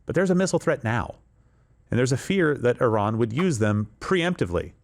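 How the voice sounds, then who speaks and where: A male host talking through political commentary with emphatic, often sarcastic delivery. His pitch moves a lot, rising and falling as he makes his points. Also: very animated, a little fast, gravelly.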